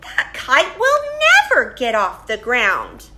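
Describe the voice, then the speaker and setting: A woman voicing a flock of mocking robins in a storybook read-aloud, with a high, drawn-out taunting voice. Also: wildly swooping pitch, heavy background noise, full character voice. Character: jeering mocking robins, a flock of small birds.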